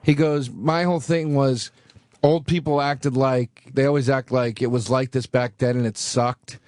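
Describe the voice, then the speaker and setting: A man's voice: medium pitch, fairly even intonation, normal speed, a little mellow, no echo, studio quality. A man co-hosting a radio show in casual talk, blunt and critical, swearing and restarting his sentences. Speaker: radio co-host.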